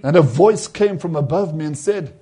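A man's voice: on the high side, normal speed, mellow. A man preaching a sermon, retelling a vision and acting out the voices in it with rising emphasis.

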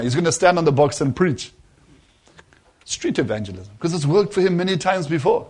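A man preaching a sermon, telling a story and calling his listeners friends, dropping to a hush and rising to emphasis by turns. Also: high voice, sing-song, brisk. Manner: swings between hushed and emphatic, addresses listeners as friends.

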